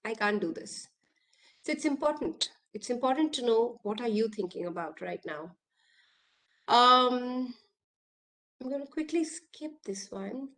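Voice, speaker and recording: A woman's voice: fairly high pitch, animated, measured pace, fairly bright tone. A woman, an executive coach giving an online workshop talk, earnest and full of questions to her listeners.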